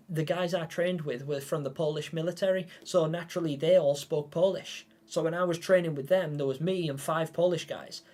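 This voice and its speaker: A man's voice: on the high side, a little hiss or hum. Chatty man hosting a live stream. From England. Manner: chatty, rambling, reads out viewer comments; bursts into loud excited greetings. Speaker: livestream host. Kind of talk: casual live-chat stream.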